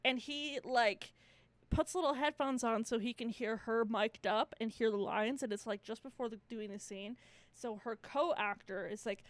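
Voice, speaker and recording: A woman's voice: on the high side, moderate pace, no room sound. A young woman co-hosting a casual chat, retelling a movie plot, laughing often, swearing freely and acting out the characters' lines. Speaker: podcast co-host.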